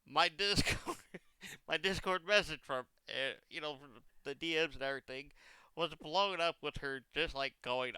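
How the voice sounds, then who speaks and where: A man's voice: fairly high pitch, normal speed, pushed and bright, smooth, dry recording. A young man chatting casually as a streamer, telling long comic stories with exaggerated quoted lines. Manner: rambling comic storytelling, exaggerated quoted voices. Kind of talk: casual chat.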